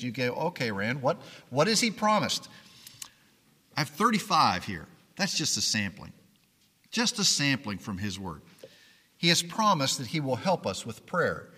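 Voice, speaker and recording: A man preaching a sermon as pastor, earnest and pleading, often dropping to quiet emphasis. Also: mid-range voice, husky, in a large hall.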